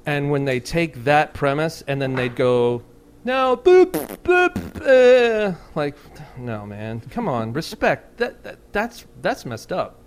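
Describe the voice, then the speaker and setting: A man chats loosely in an interview about touring with his band, rambling and poking fun at himself, often restarting his sentences. His voice sits at a middling pitch, with a faint noise underneath the recording. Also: expressive, a little slow. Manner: rambling, self-deprecating, frequent restarts. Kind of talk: casual interview chat.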